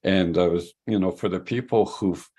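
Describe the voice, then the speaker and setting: A man hosting an online storytelling event, thanking the storyteller and introducing the next guest in a halting way with many pauses. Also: low-pitched, mellow, breathy edge. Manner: halting, many fillers and restarts. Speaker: host.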